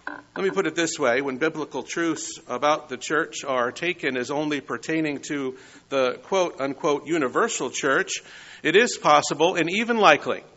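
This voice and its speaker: A man delivers a Sunday sermon in a bright, forceful voice, pitched a little high for a man. He reads scripture steadily and then presses his points with rising emphasis. The recording sounds dull and lo-fi. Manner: measured preaching, rising emphasis on key words. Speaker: pastor.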